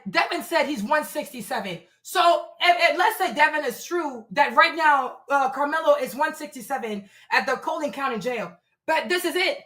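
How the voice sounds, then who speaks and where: A woman's voice: high voice, a bit bright, roomy sound. A woman hosting a livestream, talking emphatically and repetitively, often stammering and restarting her words. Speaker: livestream host; mother. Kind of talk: heated livestream commentary.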